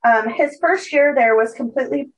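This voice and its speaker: A young woman, somewhat high-voiced, tells a story from her notes for a podcast. She talks casually with plenty of likes and ums and now and then a giggle. She sounds a little distant from the microphone. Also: moderate pace. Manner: chatty, many "like" and "um" fillers, giggly. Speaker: podcast co-host telling a case.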